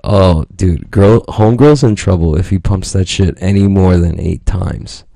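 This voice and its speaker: A man's voice: deep voice, unhurried, creaky, dark tone, no echo, clean studio sound. A man telling a story in casual podcast chat, rambling, profane and joking.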